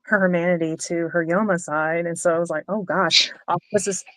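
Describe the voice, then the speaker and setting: A woman in a casual online book club chat, explaining her reasoning at length. Her voice sits low, and the sound is close and dry. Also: fairly even intonation, fairly quick, fairly bright tone, dry recording, rough recording.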